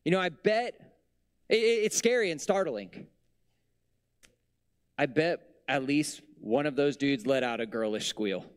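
A man preaches in a loose, conversational way, dropping in jokes and asides. His voice sits a touch high and rises and falls with emphasis. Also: a little slow, pauses often, clean tone. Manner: conversational, humorous asides, lively pitch swings. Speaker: pastor. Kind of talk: casual sermon.

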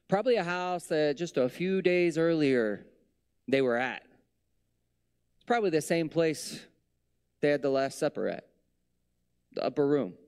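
A man preaches in a loose, conversational way, dropping in jokes and asides. His voice sits a touch high and rises and falls with emphasis. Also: clean tone. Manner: conversational, humorous asides, lively pitch swings. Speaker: pastor. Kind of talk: casual sermon.

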